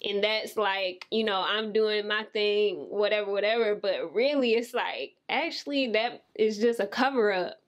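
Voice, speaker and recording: A woman hosts a podcast interview at an everyday middle pitch. She talks loosely and conversationally, encouraging her guest and filling her sentences with casual fillers. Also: measured pace, hardly any pauses. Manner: warm-hearted encouragement, conversational, many fillers like "like". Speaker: podcast host.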